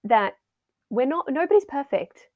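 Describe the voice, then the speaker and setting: A woman's voice: high-pitched, sing-song, unhurried, dry recording, phone-quality sound. A middle-aged woman, a wellbeing coach, chatting casually on a podcast and acting out everyday scenes in quoted voices. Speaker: wellbeing and mindset coach, guest.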